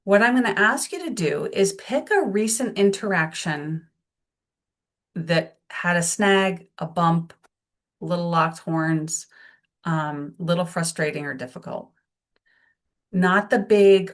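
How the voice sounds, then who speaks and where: A woman in her forties presenting a workshop, talking in a gentle, reflective way and acting out the voices she quotes. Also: fairly low pitch, lively intonation, slow pace, long pauses. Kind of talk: guided teaching talk.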